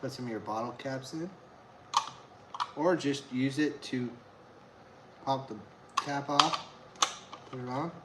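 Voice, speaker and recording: A man chatting casually on a live stream at home, excitable and rambling, laughing often. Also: mid-range voice, takes it slowly, long pauses, very noisy. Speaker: beer review vlogger.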